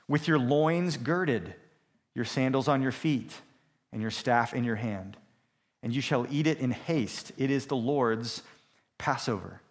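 A man preaching a sermon as a pastor, in a steady expository manner with occasional restarts. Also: mid-range voice.

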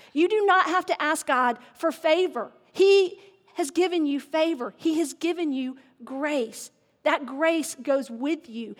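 A woman pastor giving a sermon, candid and self-mocking in her delivery. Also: sits high. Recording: echoey hall with long reverb.

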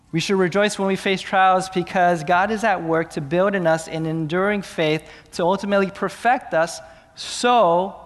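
A man preaching a sermon as pastor, moving between hushed, slow passages and raised, urgent questions. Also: a little high, in a large hall.

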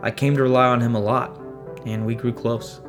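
A man narrating a first-person story in a steady, measured way. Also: medium pitch. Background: faint music.

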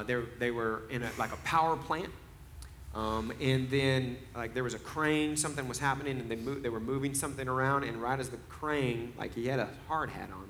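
A man's voice: mid-range voice, a little hiss or hum. A man in his forties preaching a sermon, telling stories in a conversational way. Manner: conversational storytelling, rising to loud laughing emphasis. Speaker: pastor.

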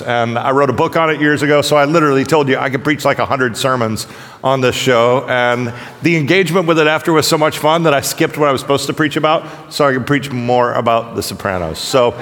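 Joking pastor in a reverberant hall. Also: male voice, mid-range voice. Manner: conversational, joking, animated storytelling. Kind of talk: casual humorous sermon.

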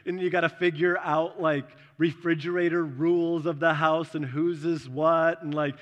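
A man's voice: a little high, flat delivery, moderate pace, muffled recording. A man preaching a sermon as a pastor, conversational, acting out little voices as he tells his stories. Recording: long hall reverb.

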